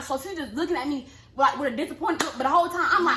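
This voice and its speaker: A young woman telling a story in casual chat, animated, acting out quotes in a high yelling voice. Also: very fast, few pauses. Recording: echoey room with clear background noise.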